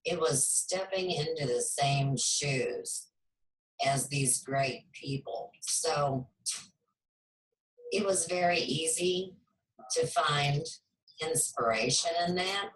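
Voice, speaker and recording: A woman hosting a spiritual talk show, speaking in a slow, measured, reflective way. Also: deep voice. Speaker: host. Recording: echoey room, far from mic.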